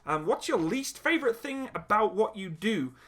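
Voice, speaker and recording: The recording is very noisy as a young man with a high, animated voice reads donations at a moderate pace on a casual live chat stream. He giggles frequently and mocks himself.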